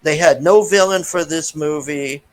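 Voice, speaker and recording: A man's voice: fairly high pitch, unhurried, low-quality recording. A man giving a casual, profane, frustrated rant as a movie reviewer, with many restarts.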